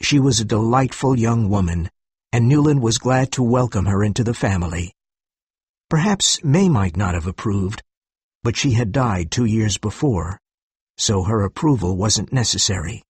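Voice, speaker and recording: Husky male story narrator. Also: on the low side, lively intonation, normal speed, no echo. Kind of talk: scripted story narration for learners.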